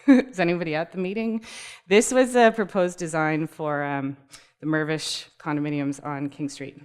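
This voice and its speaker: A woman's voice: low-pitched, steady tone, moderate pace, a little mellow, smooth. A woman giving a casual, upbeat presentation to a live audience, laughing easily and talking directly to the room. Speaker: speaker at a tech community talk. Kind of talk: conversational presentation.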